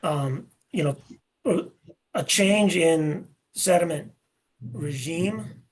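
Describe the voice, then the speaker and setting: Academic presenter, male, slightly high husky voice, measured and halting, full of pauses. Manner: hesitant, many fillers and restarts, measured. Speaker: seminar presenter. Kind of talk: answering seminar questions.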